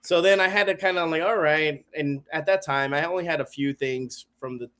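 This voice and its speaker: A man guesting on a podcast, chatting casually and telling animated stories that act out what other people said. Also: a little high, fairly quick, clear, resonant tone. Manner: animated storyteller, acts out quoted people. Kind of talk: casual chat. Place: home garage studio.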